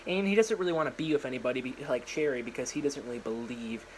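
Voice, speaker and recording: A man's voice: medium pitch, fast talker, slight background noise, rough recording. A young man casually retelling his story idea on a phone vlog, rambling with lots of fillers and restarts and briefly acting out characters' lines. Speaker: vlogger. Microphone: phone propped up.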